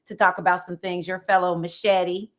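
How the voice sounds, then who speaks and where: A woman's voice: fairly low pitch, flat delivery, normal speed. A woman co-hosting a podcast, bantering casually with her co-host and moving the show on to new segments. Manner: warm banter, says "girl" often, then steers into topics. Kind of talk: casual chat.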